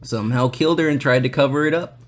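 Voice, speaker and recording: A man's voice: medium pitch, quick pace. A man hosting a podcast, telling a long story in a loose, rambling way with a lot of swearing. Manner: acts out other people's lines in quoted voices. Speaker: podcast host. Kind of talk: casual storytelling chat.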